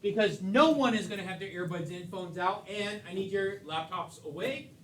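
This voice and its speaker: Male teacher, high voice, playful teasing classroom banter, distant mic, faint hum behind. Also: normal speed, reverberant. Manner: teasing, joking banter with students. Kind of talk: classroom lecture.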